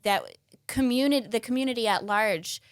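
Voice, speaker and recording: A woman's voice: fairly high pitch, normal speed, clear, resonant tone, dry recording, clean studio sound. A woman who is a community ambassador, speaking as a guest in a casual conversation, eager and sprinkled with ums and restarts.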